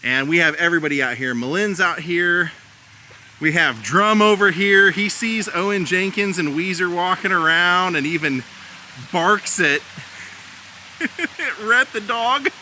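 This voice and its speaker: Chatty man with a very bright voice. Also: high-pitched, unhurried, a little hiss or hum. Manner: chatty, laughs often while retelling. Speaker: film location tour guide. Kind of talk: casual vlog narration. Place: outdoors at filming locations.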